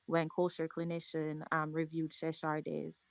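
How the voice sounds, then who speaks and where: A woman's voice: deep voice, monotone, measured pace, creaky, no echo. A woman on a panel discussion, speaking firmly and directly.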